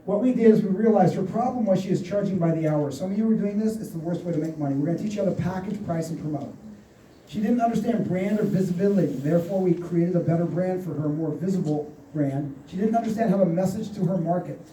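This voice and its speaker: A man's voice: high voice, fast talker, warm tone, a little hiss or hum. A man in his forties giving a motivational seminar talk, telling stories and acting out the quoted dialogue. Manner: storytelling, acts out quoted dialogue. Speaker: seminar speaker. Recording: echoey hall, mic at a distance.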